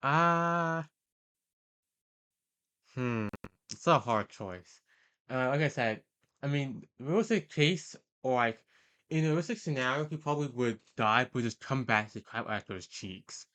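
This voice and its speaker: A man's voice: medium pitch, animated, unhurried, pauses often, bright, forceful tone. Hesitant, rambling young man. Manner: hesitant and rambling, many fillers and self-corrections. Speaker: video host ranking characters. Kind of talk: casual tier-list commentary.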